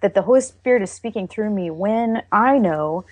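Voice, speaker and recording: A woman's voice: medium pitch, animated, moderate pace, a little mellow, husky, dry recording. A middle-aged woman from Texas tells her faith testimony in an earnest, emotional way. She halts and restarts as she talks. Her voice sounds close and dry. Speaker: interview guest.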